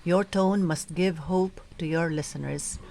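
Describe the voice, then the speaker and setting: A woman coaching lectors and reading scripture aloud in a slow, measured, deliberate way. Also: on the low side, vocal fry, darkish tone, slight background noise, low-quality recording. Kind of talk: scripture reading and proclamation tips.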